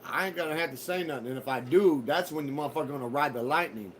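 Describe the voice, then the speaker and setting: A man's voice: on the high side, fast talker, slight background noise. Profane, rambling male streamer. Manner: profane, rambling, mock-threatening banter. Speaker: livestream host. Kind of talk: casual live-stream chat with viewers.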